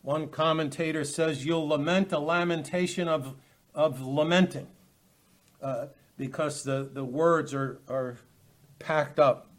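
A man teaching a Bible study, halting often with fillers and restarts as he reads and explains verses. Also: a little high, fairly even intonation. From United States.

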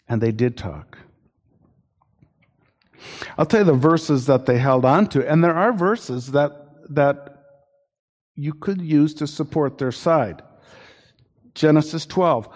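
A man preaching a sermon in an earnest, warning tone, often stopping and restarting mid-sentence. His voice sits at a middling pitch for a man. It rings out in a large church hall with a long reverb. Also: expressive, measured pace, long pauses, darkish tone. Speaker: pastor.

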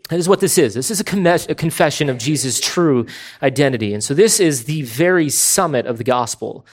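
A man preaching an expository sermon, emphatic and deliberate, slowing down to stress key words. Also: a little high, lively intonation. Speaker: pastor.

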